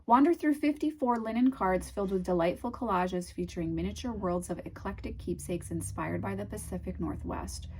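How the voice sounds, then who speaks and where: A woman with a New England accent chatting casually through an unboxing, gushing and dreamy, often trailing off into soft murmurs. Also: medium pitch, a little fast, hardly any pauses, slight background noise. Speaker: tarot video host.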